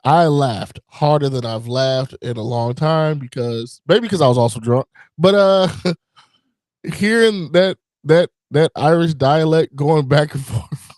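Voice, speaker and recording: A man's voice: a little high, takes it slowly, darkish tone, no room sound. A man co-hosting a casual wrestling podcast, blunt, profane and wisecracking. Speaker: podcast co-host.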